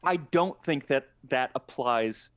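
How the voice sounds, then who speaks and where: A man talking as a podcast guest in casual chat, measured and thoughtful, often restarting his sentences. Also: medium pitch, fairly bright tone, smooth, no echo.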